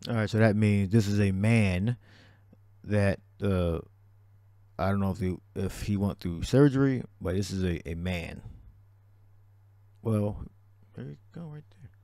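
Deep dark-voiced guy preaching and commenting, loose and repetitive. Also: a little slow, no echo, clean studio sound. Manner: repetitive, restarts, scripture-heavy. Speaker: religious teacher.

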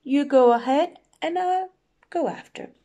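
A woman voicing a big, hungry, gullible male forest monster in a storybook reading, in a low, hushed voice. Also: unhurried.

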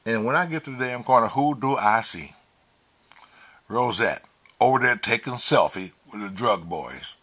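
A man telling a profane, animated story, acting out the quotes. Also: mid-range voice, normal speed. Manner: animated, swears freely, acts out quotes. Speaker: vlogger.

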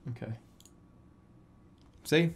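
A man streaming a video game, chatting in a rambling, excitable, self-mocking way. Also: very slow. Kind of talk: casual live-stream commentary. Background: game music.

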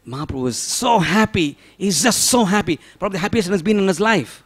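A man delivers a devotional sermon as a story. His voice sits a little high, and he swings from loud, pleading outbursts to hushed whispers. He often throws rhetorical questions to his listeners. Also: expressive, fast talker, few pauses, husky. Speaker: preacher.

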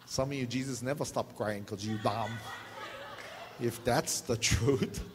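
A man's voice: medium pitch, unhurried. A man pastor, preaching a joking sermon, laughing often and acting out quotes. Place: church hall. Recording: long hall reverb, faint noise.

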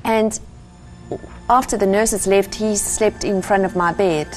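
A woman's voice: mid-range voice, steady tone, unhurried, soft background music. A middle-aged woman from Africa, earnestly telling her personal faith story as an interview guest. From South Africa. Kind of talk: personal testimony in conversation.

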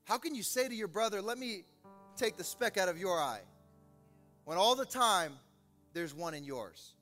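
A man preaching an energetic, joking sermon as pastor, swinging from loud preaching to low asides. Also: normal speed. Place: large church hall. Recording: reverberant hall with music.

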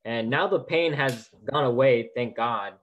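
An eighteen-year-old man calling into a video call forum, soft-spoken and hesitant, describing his worries. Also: medium pitch, a little slow, muffled recording. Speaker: caller.

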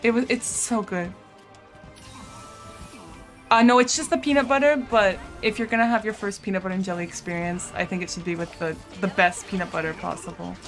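Faint music plays behind a young woman with a mid-range, fairly evenly intoned voice as she streams a game. Talking a little fast, she chats casually and giggles with viewers, with the occasional swear word.

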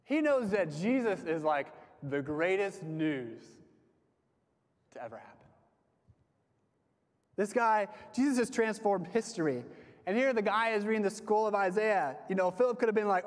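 A young man giving a casual sermon to a campus group, talking conversationally with lots of fillers and letting his phrases trail off softly. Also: high-pitched, lively intonation, normal speed, long pauses. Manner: conversational, frequent "like" fillers, dips soft at phrase ends. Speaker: campus ministry speaker. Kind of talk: casual sermon with personal stories. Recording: long hall reverb.

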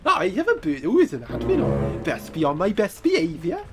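A man's voice: sits high, wildly swooping pitch, brisk, over music. A man with a congested, nasal voice from a cold, giving chatty gameplay commentary and exclaiming at mishaps. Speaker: gaming YouTuber.

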